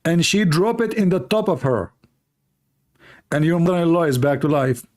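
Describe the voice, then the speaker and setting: A man's voice: a little high, expressive, moderate pace, darkish tone. Sarcastic man with non-native English. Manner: sarcastic, jokey, repetitive. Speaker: livestream host. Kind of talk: mocking religious commentary.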